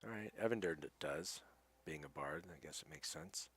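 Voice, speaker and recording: A man narrating as game master of a tabletop game, describing scenes in an unhurried, hesitant way with frequent fillers. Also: deep voice, expressive, vocal fry, breathy edge.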